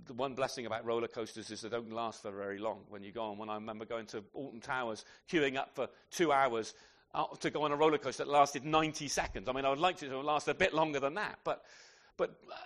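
A man delivers a sermon in a chatty, conversational manner and keeps checking in with his listeners through rhetorical questions. His voice sits high and swings widely in pitch. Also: a bit bright. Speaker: preacher.

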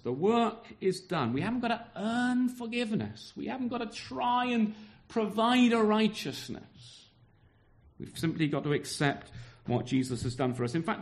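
A man preaching a sermon in a fairly high voice. He speaks earnestly and with emphasis, doubling back on words as he presses each point home. Parts of his talk are aimed at the children in the congregation.

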